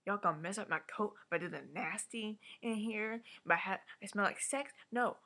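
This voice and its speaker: A woman giving a casual, animated episode recap, swearing freely and acting out the characters' lines. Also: medium pitch, normal speed. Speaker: vlogger reviewing a TV episode. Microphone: webcam or laptop mic.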